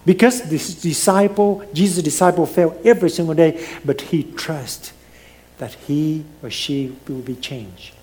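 A man's voice: on the high side, measured pace, mellow. A middle-aged man preaching a sermon as pastor, swinging his voice up and down, with some non-native grammar.

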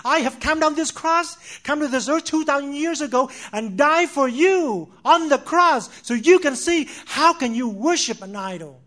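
A sorrowful God pleading with humanity in reproachful questions, as a high-voiced preacher acts it out. The voice stays high and earnest, rising and pressing in a sermon setting. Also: male voice, animated, moderate pace, hardly any pauses, pushed and bright, heavily acted.

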